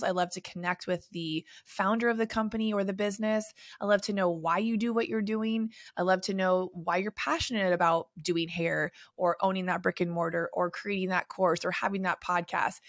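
A woman's voice: mid-range voice, fairly even intonation, moderate pace, few pauses, no room sound, studio quality. A young adult woman hosting a solo podcast, telling stories in a chatty way with lots of fillers. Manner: chatty, filler-heavy storytelling. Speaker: podcast host and beauty industry coach.

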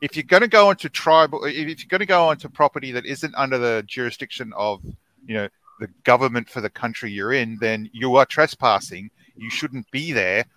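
A man's voice: medium pitch, brisk, pushed and bright, no room sound. A man with an Australian accent co-hosting a podcast, giving blunt, opinionated takes and swearing freely in casual chat. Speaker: podcast co-host.

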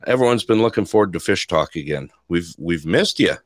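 A man's voice: deep voice, expressive, brisk, dry recording, clean studio sound. Upbeat folksy man hosting live radio. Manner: upbeat, laughs often, folksy catchphrases. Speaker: radio show host. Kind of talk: casual live call-in radio chat.

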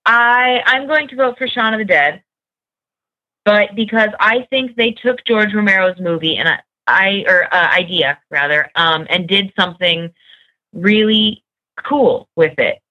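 Hesitant woman with a bright voice. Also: mid-range voice, measured pace. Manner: hesitant, lots of fillers. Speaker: podcast panelist. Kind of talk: casual podcast chat. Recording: dull lo-fi sound.

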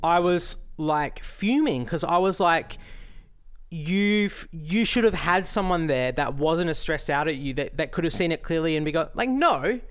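An Australian woman co-hosting a podcast in casual chat, blunt and quick to swear. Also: sits low, smooth. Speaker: podcast co-host.

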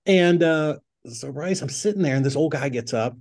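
A man's voice: fairly high pitch, animated, moderate pace, darkish tone. Chatty middle-aged man telling a story. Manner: chatty, peppers speech with "like", acts out his own past thoughts. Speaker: podcast guest, real estate investor. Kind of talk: casual storytelling in a conversation.

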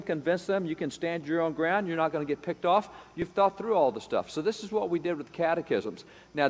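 A man delivering an emphatic lecture, building his points through repetition and briefly acting out the voices he quotes. His voice sits a touch high for a man. It rings out with a long reverb, as if in a large hall. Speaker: speaker on education history. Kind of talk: lecture-style talk.

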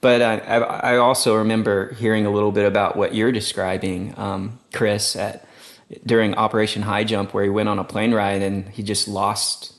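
A man co-hosting a podcast, talking casually in a loose, animated way. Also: lowish voice, normal speed. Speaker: podcast co-host. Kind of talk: casual conversational chat.

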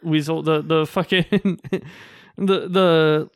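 A man co-hosting a podcast in casual chat, rambling and halting with many fillers. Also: on the high side, steady tone, clean tone, no echo, studio quality. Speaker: podcast co-host.

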